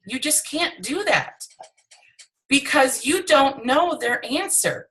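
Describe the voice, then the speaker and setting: Middle-aged woman team leader, bright voice, lively storytelling pep talk into her phone. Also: rough recording. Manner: animated, acts out dialogue with high excited voices. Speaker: direct sales team leader. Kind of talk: motivational training talk.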